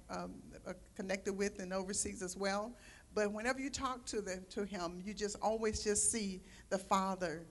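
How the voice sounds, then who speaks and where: Woman, fervent church introduction, testimonial, frequent amens, mid-pitched voice. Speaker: church minister introducing the speaker. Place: church sanctuary.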